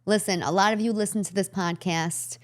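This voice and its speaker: A woman's voice: mid-range voice, fairly even intonation, a little fast. Brash New York woman podcaster. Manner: brash, chatty, emphatic. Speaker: podcast host. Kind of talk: casual chat.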